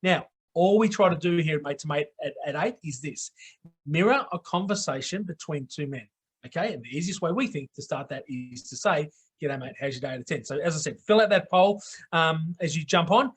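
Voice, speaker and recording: A man's voice: fairly high pitch, moderate pace, breathy edge. Blokey Australian man hosting a show. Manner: blokey, repeats "okay?" for emphasis. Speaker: host. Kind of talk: live online talk show hosting.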